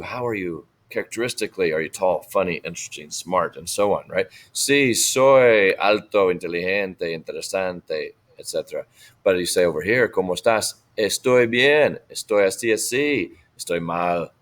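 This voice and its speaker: Male teacher, low voice, patient, drills vocabulary for an online class. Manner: patient, repeats Spanish forms slowly for students. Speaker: Spanish teacher. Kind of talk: recorded online lesson.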